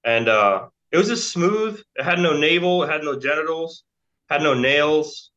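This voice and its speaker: A guest in an interview, this American man in his forties rambles casually through a long tale, littered with fillers and false starts. He has a fairly high, expressive, slightly bright voice and takes his time. The sound quality is dull and lo-fi.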